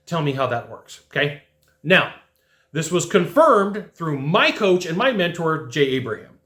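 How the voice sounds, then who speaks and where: Animated male sales coach, echoey room. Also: high-pitched. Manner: animated, acts out quick mock dialogues. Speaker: sales trainer. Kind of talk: direct-to-camera sales coaching.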